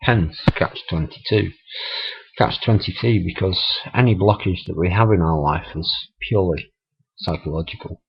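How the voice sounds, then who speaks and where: At a normal speed and in a low, slightly rough voice, a middle-aged vlogger chats his way through stories, laughing and swearing as he goes. The audio is dull and lo-fi, straight from the camera.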